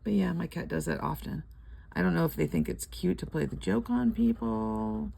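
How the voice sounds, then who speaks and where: A woman's voice: lowish voice, moderate pace, creaky, warm tone, husky. An older woman chatting casually and rambling at home while scratching lottery tickets, laughing often.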